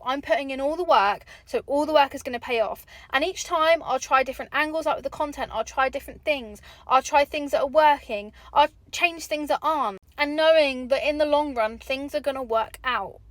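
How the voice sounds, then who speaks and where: A woman's voice: high-pitched, fairly bright tone, no room sound. A young woman giving candid, chatty motivational talk to camera, swearing casually. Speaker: vlogger.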